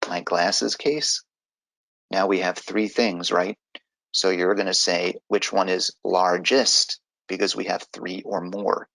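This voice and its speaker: A man's voice: deep voice, creaky, a bit bright, dry recording, low-quality recording. A man teaching an online grammar lesson, explaining step by step in a patient way.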